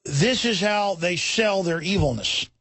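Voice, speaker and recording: A man's voice: sits high, lively intonation, no room sound. A man hosting a talk radio show, ranting indignantly and stumbling over repeated words as he argues. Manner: forceful, indignant, repeats words in rapid restarts. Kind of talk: heated talk radio monologue.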